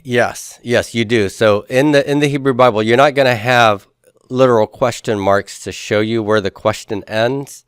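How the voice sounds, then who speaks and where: Patient and methodical, a man teaches Hebrew grammar, walking through every step and putting questions to the class. His mid-range voice is smooth with fairly even intonation and a moderate pace. The recording is dry and studio-clean.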